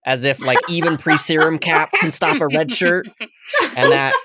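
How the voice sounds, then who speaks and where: A man co-hosting a podcast, relaxed and chatty. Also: fairly high pitch, moderate pace, very noisy. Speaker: podcast co-host. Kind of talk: casual interview chat.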